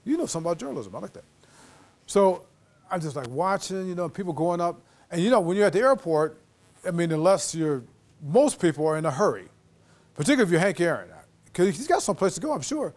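Animated middle-aged man telling stories in a lecture. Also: sits high, quick pace. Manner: animated storyteller acting out quoted dialogue. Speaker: guest lecturer and author. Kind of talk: storytelling lecture to students. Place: lecture hall.

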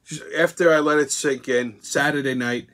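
A man's voice: a little high, fairly even intonation, moderate pace, fairly bright tone. A man hosting his show, ranting bluntly and crudely about a movie with constant swearing. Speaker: show host. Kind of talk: profane movie rant.

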